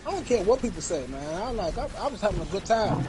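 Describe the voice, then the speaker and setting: A man's voice: sits high, big pitch swings, fast talker, a crowd in the background, low-quality recording. Rambling fatherly gaming streamer man. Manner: rambling, repetitive storytelling. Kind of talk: casual chat while gaming. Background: loud game music.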